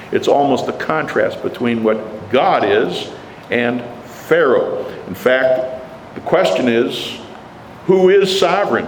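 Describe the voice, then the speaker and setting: A man preaching a sermon, slow and emphatic, rising on his rhetorical questions. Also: mid-range voice, a little hiss or hum. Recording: echoey hall, faint ambience.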